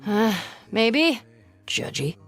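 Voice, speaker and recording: A woman's voice: a little high, big pitch swings, drawn-out words, a bit bright, soft background music, full character voice. An actress voicing a teenage girl in a video game, bantering in a cheeky, playful way. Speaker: game character.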